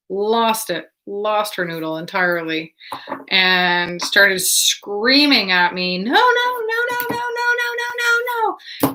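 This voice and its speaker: A woman reads oracle cards and then slips into casual storytelling with a bright, crisp edge to her voice. She is animated and blunt, swearing freely and laughing as she talks. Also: medium pitch, slight background noise, poor audio. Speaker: tarot reader.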